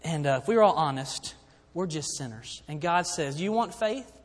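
A man delivers a sermon in a high voice, his words ringing on in a long reverb. He often drops to quiet emphasis, then lifts again as he preaches to the congregation. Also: expressive, normal speed. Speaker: pastor.

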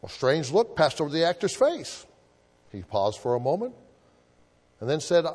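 A man preaching in a church sanctuary, his voice at a middle pitch. He swings from hushed, intimate lines to loud, ringing storytelling. A long hall reverb follows every phrase. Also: very animated, normal speed, slightly rough. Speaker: guest preacher. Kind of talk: sermon.

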